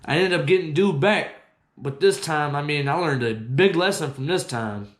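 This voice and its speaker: A young man telling a story from his own life, cursing freely and getting worked up as it goes. His voice sits a little high for a man. The sound carries the echo of a bare room. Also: normal speed. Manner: profane, animated storytelling that gets loud when quoting himself. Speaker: host. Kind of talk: casual storytelling.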